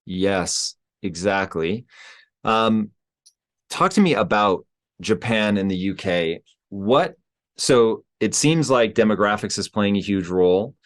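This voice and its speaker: A man's voice: on the low side, expressive, slow pace. A man hosting an interview, asking earnest, probing questions in casual talk. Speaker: podcast host.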